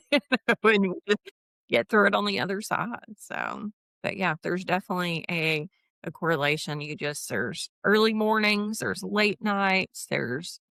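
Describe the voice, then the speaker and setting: Low gravelly woman in her fifties. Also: a little slow, dry recording. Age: 50s. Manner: animated, acts out quoted voices. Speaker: podcast guest. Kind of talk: candid conversational storytelling.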